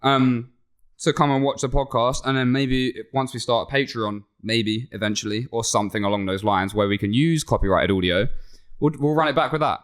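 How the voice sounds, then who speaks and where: A man's voice: mid-range voice, normal speed. A man in his twenties with an English accent, co-hosting a podcast and running a lyrics quiz in casual chat, laughing often. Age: 20s. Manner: laughs often, reads lyrics aloud flatly.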